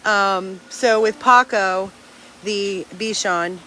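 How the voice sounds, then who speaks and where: A woman's voice: medium pitch, steady tone, very slow, bright, forceful tone, slight background noise. A woman who runs a dog rescue, talking to her followers outdoors in an earnest, emphatic, chatty way. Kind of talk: casual vlog to followers.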